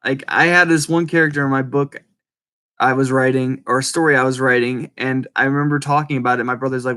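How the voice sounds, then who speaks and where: A man with a speech impediment chatting casually and rambling to viewers, halting and apologetic, often restarting his words. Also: mid-range voice, fairly even intonation, pushed and bright, clear, resonant tone. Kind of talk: casual rambling livestream chat.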